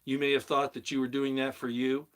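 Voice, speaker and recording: A middle-aged man in full rant on his own channel, his voice at an ordinary male pitch. He preaches and repeats himself for emphasis, building heat as he hammers each point home. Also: flat delivery, fairly quick, smooth. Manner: heated, preachy, emphatic repetition. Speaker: commentary channel host. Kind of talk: opinionated monologue.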